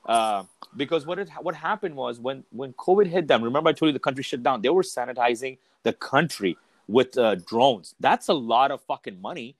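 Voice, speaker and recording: A man's voice: mid-range voice, lively intonation, brisk, no echo. A man as a podcast guest in casual chat, telling stories candidly, swearing freely and restarting his sentences often.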